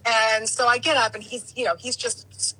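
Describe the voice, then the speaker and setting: A woman tells a casual story in a bright, slightly high, husky voice at normal speed. She's animated and slips into playful voices for the people she quotes, and the recording quality is low.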